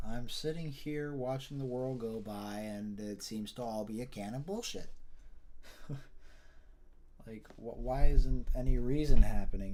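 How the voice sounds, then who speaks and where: A man with a fairly low voice delivers a casual news commentary rant. He rambles, swears freely and often stops to restart his sentences. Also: a little mellow. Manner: rambling, profane, frequent restarts. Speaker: political commentator.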